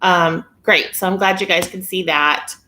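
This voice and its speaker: Woman host, casual live-stream chat on a phone camera, chatty and giggly, slightly low voice. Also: steady tone, unhurried, bright, forceful tone, a little hiss or hum. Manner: chatty and giggly, reading viewer comments. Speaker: weight-loss vlogger hosting a live stream.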